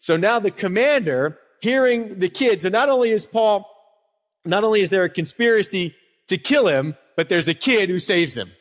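Man, pastor, lively storytelling sermon, slightly higher voice, long church-hall reverb. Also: moderate pace. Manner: animated storyteller who acts out quotes. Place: church sanctuary.

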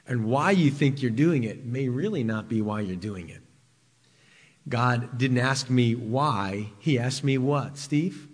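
Preaching man in a reverberant church. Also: medium pitch. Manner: storytelling preacher, swings between loud emphasis and quiet intimacy. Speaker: pastor. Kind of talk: sermon. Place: church sanctuary.

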